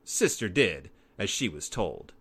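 A man narrating a children's storybook aloud in an expressive, animated way. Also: low-pitched, a little slow, slightly rough.

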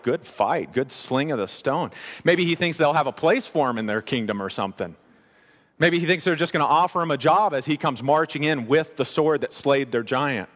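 A man preaching a sermon as pastor, animated and conversational with playful asides. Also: on the high side, fairly quick, in a large hall.

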